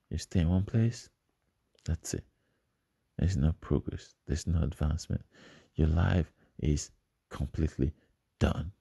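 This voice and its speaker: A man's voice: a bass voice, measured pace, creaky, pauses often, warm tone, breathy edge, dry recording, clean studio sound. A man giving a motivational speech, emphatic and repeating his phrases for effect. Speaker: motivational speaker.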